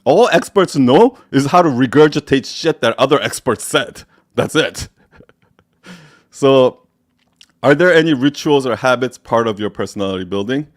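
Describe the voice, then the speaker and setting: A man's voice: medium pitch, lively intonation, normal speed. A man hosting a live Q&A, answering viewer questions bluntly, swearing freely and often laughing between points.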